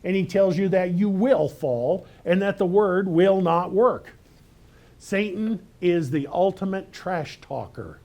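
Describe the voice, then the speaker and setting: A man's voice: high-pitched, slow, darkish tone. A man preaching a sermon as pastor, emphatic and conversational, asking his listeners rhetorical questions.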